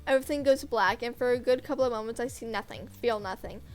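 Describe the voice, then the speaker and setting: A woman's voice: fairly high pitch, fast, rough recording. A woman streamer reading a horror visual novel aloud in first person, intense and dramatic, with offhand asides.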